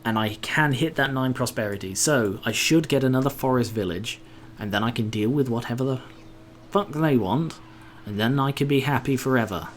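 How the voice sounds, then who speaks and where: A man's voice: mid-range voice, moderate pace. A man talks his way through a game in a mid-range voice, muttering complaints and dropping casual swears as he plays. It is loose, self-directed commentary. A faint hiss of background noise sits under the voice. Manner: grumbling, sweary, muttering to himself. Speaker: gameplay commentator.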